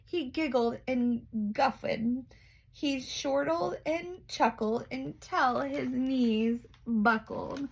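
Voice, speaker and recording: A woman storyteller reading a rhyming children's picture book aloud. She takes her time with each line, in a slightly high, expressive voice. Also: slow, creaky, husky, rough recording.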